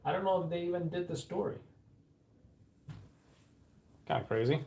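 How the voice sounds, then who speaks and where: A rambling, musing live-stream host. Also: male voice, sits high, expressive, rapid-fire, warm tone. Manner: rambling, thinking aloud while typing at a computer. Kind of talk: casual live-stream chat.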